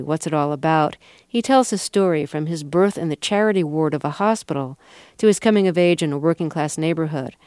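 Lady radio host, low voice, measured, dry booth sound. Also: a little mellow, no room sound. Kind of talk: scripted introduction and interview.

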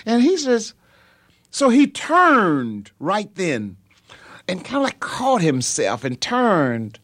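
An older man, a pastor, telling his story in an interview, halting with many ums and jumping high in pitch as he relives it. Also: wildly swooping pitch, a bit bright, dry recording. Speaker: pastor and singer, interview guest.

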